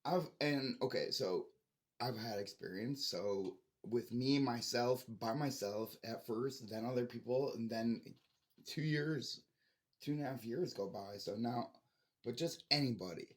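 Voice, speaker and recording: A man's voice: medium pitch, a little slow. A man talks straight to his camera in a long, rambling rant. He sounds frustrated, swears freely and keeps restarting his sentences. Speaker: vlogger.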